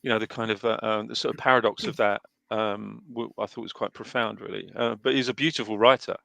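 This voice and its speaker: Low-voiced reflective man, dry sound. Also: fairly even intonation, a little fast, creaky, a bit bright, no room sound. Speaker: panel guest. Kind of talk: casual discussion.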